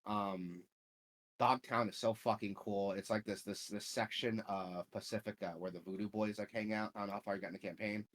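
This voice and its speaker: Profane, rambling podcast host. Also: male voice, lowish voice, steady tone, a little fast. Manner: profane, rambling, lots of filler words. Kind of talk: casual gaming podcast chat.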